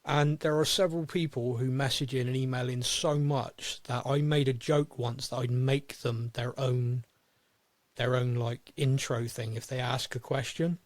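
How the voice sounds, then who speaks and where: A man hosting a podcast in casual chat, eager and quick to laugh at himself. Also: medium pitch, steady tone, dry recording. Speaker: podcast host.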